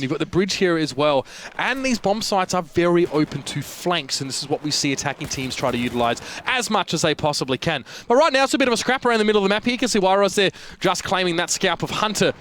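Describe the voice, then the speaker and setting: Fast-talking Australian esports caster. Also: male voice, a little high, fairly bright tone, a little hiss or hum. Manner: fast, chatty play-by-play with fillers. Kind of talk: live esports commentary.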